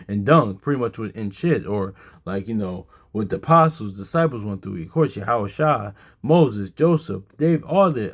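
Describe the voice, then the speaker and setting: Gravelly low-voiced man rambling through scripture. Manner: rambling, heavy fillers, reads scripture aloud. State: tired. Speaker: Bible teacher. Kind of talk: casual Bible study talk.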